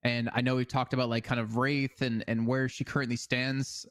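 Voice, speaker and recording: A man's voice: mid-range voice, flat delivery, normal speed, fairly bright tone, clear, resonant tone. A man co-casting an esports match, giving casual analysis full of hedges like "I mean.". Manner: casual, hedging with fillers like "I mean". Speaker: esports co-caster.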